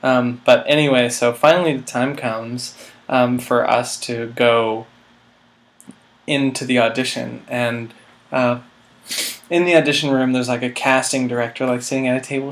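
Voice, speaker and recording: A man's voice: medium pitch, fairly even intonation, moderate pace. Rambling young man telling a story. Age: 20s. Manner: rambling, full of "like" and "um", self-mocking. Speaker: vlog host. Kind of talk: comic storytelling.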